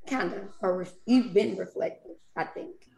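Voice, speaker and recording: A woman hosting a casual interview, asking gentle, searching questions with restarts. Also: mid-range voice, normal speed, creaky. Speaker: podcast host. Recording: roomy sound.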